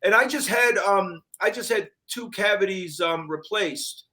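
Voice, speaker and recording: A man's voice: high voice, a little slow, bright, forceful tone. An older man from upstate New York co-hosting a casual sports talk show, chatty and full of asides. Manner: chatty, full of fillers and restarts. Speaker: podcast co-host. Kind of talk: casual chat.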